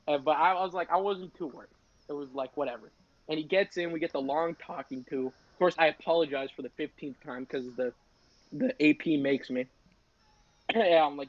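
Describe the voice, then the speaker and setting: A young man, a podcast host, telling a story in a casual, animated and profane way, often laughing. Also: on the high side, a little fast, no echo. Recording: dry, slightly dull podcast audio.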